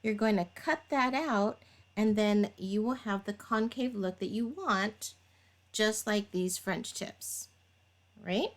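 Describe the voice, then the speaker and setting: A woman's voice: medium pitch, slow pace. A woman vlogger chatting casually as she walks through a manicure step by step, narrating while she works and laughing at her own slips. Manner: chatty, talks while working, laughs at herself. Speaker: nail tutorial vlogger.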